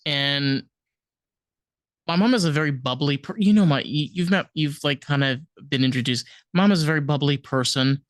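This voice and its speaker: A podcast host chatting casually and rambling loosely, high and trailing off into restarts. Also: clean tone, dry recording, clean studio sound. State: high on weed. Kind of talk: casual chat.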